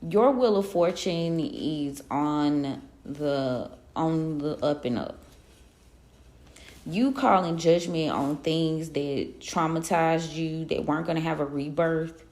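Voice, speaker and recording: A woman's voice: deep voice, slow, a little mellow, reverberant. A woman giving a casual collective tarot reading, talking in a loose, slangy pep-talk way. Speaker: tarot reader.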